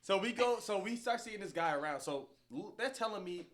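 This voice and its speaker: A man co-hosting a podcast, telling a story in casual chat, laughing and acting out quotes. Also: high-pitched. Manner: animated, laughing, quick storytelling with acted-out quotes. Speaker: podcast co-host.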